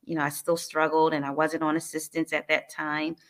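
A woman from New Jersey speaks as an interview guest in a low, fairly level voice. She recounts her personal story in an earnest, halting and emotional manner, with frequent restarts. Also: little pitch movement, fairly bright tone. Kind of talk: personal life story in conversation.

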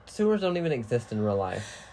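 Woman lead player, very low voice, lively swings, swears often and yells at the game. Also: brisk. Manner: swears freely, loud outbursts, animated. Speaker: let's play host on the controller. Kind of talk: casual gameplay chat.

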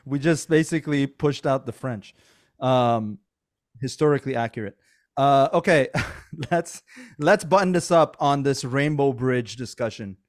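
A man's voice: mid-range voice, a little slow. A man hosting a podcast in casual, joking chat, laughing often and trailing off mid-sentence. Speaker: podcast host.

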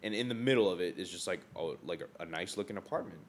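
A man from Northern Virginia co-hosting a podcast in casual chat, tired and low on energy, slangy and swearing a lot. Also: fast talker. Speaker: podcast co-host.

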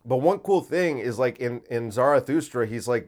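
A man's voice: mid-range voice, lively intonation, normal speed, few pauses, darkish tone. A man hosting a podcast, talking in a rambling casual monologue, full of fillers and swearing. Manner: rambling, many fillers, profane. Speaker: podcast host.

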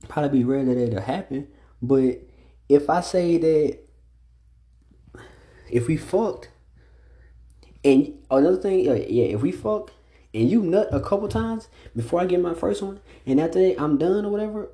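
A young man talks straight into his own podcast, alone and unscripted. His voice is dark and mellow, his delivery blunt and full of profanity, and he leans harder on his points as he goes. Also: a little high, lively intonation, unhurried, long pauses. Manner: blunt, profane, ranting with rising emphasis. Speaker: podcast host. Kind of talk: solo casual podcast monologue.

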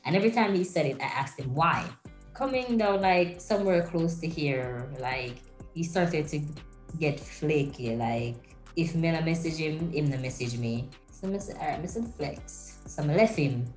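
A woman, co-hosting a podcast and telling a lively story in casual chat, slipping into patois. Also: sits low, moderate pace, faint music behind. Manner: animated storytelling with slips into patois. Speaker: podcast co-host. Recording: roomy echo.

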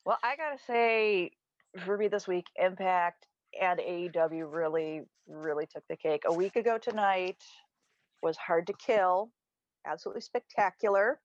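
A woman's voice: lowish voice, normal speed, dry recording. Enthusiastic woman on a lo-fi podcast. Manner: enthusiastic fan, rambling with many fillers. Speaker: podcast co-host. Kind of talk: casual podcast chat. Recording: dull lo-fi recording.

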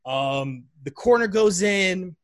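A man telling a story in a casual chat, animated and full of fillers. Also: high-pitched, slow pace. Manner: animated, chatty, many fillers.

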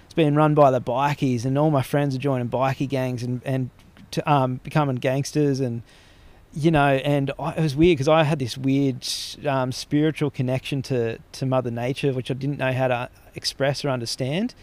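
A man's voice: medium pitch, flat delivery, normal speed, a little mellow. An Australian man talking as a podcast guest, rambling through stories and swearing freely in casual conversation.

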